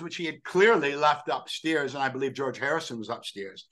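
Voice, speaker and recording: An older man from New York, telling an animated, self-deprecating story as a podcast guest. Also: mid-range voice, brisk. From New York, USA. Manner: animated, acts out quoted voices, self-deprecating. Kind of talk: storytelling anecdote.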